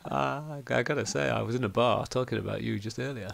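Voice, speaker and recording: A man narrating as game master of a tabletop game over a stream, relaxed and joking, pausing often as he narrates. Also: medium pitch, vocal fry.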